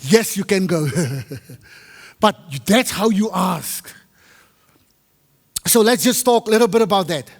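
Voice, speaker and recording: A man preaching to a congregation, lively and teasing, switching between English and Afrikaans and quizzing his listeners. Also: sits high, takes it slowly, gravelly, long pauses. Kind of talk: teaching sermon to a congregation. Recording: long hall reverb.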